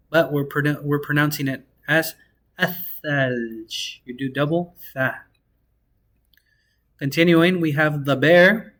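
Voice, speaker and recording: Young male teacher, casual and relaxed, voice a touch high, spells out sounds slowly. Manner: relaxed, slangy, slows down to sound out words. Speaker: Arabic teacher. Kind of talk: casual online class.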